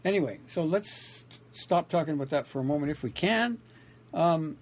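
A man's voice: on the high side, expressive, moderate pace. A man talking alone to his audience in a meandering way, correcting himself often and restarting his sentences. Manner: meandering, self-correcting, many restarts and fillers. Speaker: independent writer and vlogger. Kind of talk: rambling solo talk to camera.

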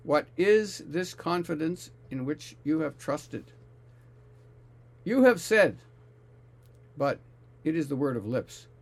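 A man reading aloud the taunting speech of a boastful male royal envoy, declaiming loudly and slowly. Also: on the high side, very animated, full character voice.

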